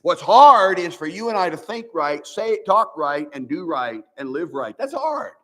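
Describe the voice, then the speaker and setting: Older male pastor, slightly high voice, folksy earnest sermon, church setting. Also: big pitch swings, measured pace, fairly bright tone. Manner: folksy, earnest preaching with many restarts and scripture quotes. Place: church sanctuary.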